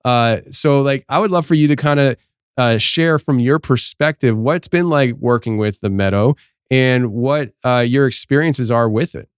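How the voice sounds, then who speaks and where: A man's voice: mid-range voice, moderate pace, clean tone, no echo, studio quality. A man hosting a podcast interview, asking long rambling questions with many restarts. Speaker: podcast host. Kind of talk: casual interview.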